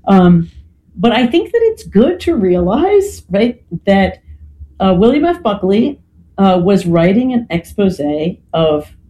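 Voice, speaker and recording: A guest explaining history in a lecturing, conversational way, often checking in with "right?" and filling pauses with "you know". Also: medium pitch, very animated, mellow, low-quality recording.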